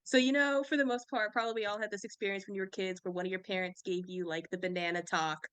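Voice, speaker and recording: A woman's voice: mid-range voice, steady tone, quick pace, fairly bright tone, clean tone, no echo. A woman on a panel telling a funny story in a playful, laughing way.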